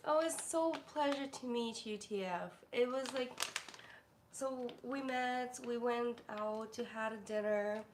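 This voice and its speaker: A woman's voice: fairly high pitch, measured pace. Chatty woman streamer in an echoey room. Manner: chatty and rambling, cooing baby talk to her dog. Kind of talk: casual live-stream chat. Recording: echoey room with faint noise.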